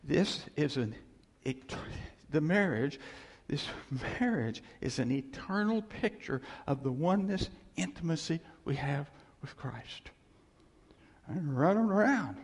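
A man preaching an animated sermon as a pastor, chuckling often and acting out voices. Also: a little high, takes it slowly, slightly rough, long reverb tail.

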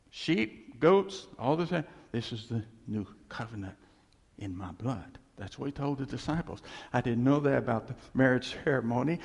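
Gravelly preaching man in a hall. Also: mid-range voice. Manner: animated preaching, swings from loud exclamations to hushed lines. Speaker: pastor. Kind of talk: sermon.

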